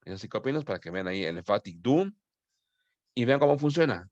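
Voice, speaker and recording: A man's voice: medium pitch, expressive, fast talker, a little mellow, dry recording, dull audio. A man teaching a classroom grammar lesson. He explains patiently, checks in with his students with frequent "okay?", and switches into Spanish to address them. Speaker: English teacher.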